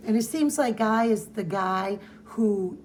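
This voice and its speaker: A woman's voice: mid-range voice, measured pace, a little mellow, a little hiss or hum. A woman co-hosting a podcast, chatting casually as she recaps a comic and reads its dialogue in playful voices. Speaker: podcast co-host.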